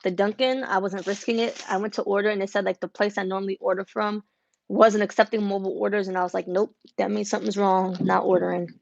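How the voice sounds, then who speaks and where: A woman's voice: mid-range voice, fairly even intonation, quick pace, muffled recording. A young woman livestreaming from her home craft room, chatting casually with viewers and greeting them by name as she works. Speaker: embroidery business owner livestreaming. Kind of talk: casual livestream chat while working. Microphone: wireless earbuds.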